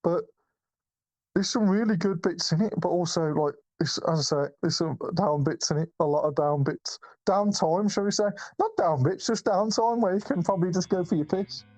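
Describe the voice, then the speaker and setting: A man's voice: high-pitched, normal speed, darkish tone, dry recording, low-quality recording. A man co-hosting a podcast, chatting casually about a film in a rambling way, full of restarts and swearing. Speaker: podcast co-host. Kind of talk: casual film review chat.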